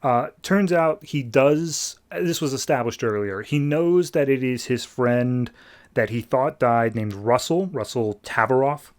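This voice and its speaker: A man's voice: mid-range voice, a little slow. A man hosting a podcast, recapping a story in a loose, rambling way. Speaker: podcast host. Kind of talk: casual comic recap.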